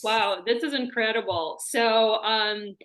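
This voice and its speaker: A woman's voice: fairly high pitch, slow, a bit bright. A woman hosting an interview, reflecting aloud and asking questions with many fillers. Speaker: podcast host. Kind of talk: conversational interview.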